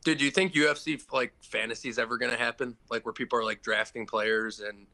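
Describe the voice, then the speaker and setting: A male host asking easygoing, slangy questions in a casual chat. His voice is bright and crisp. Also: mid-range voice, steady tone, fast. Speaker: interviewer host.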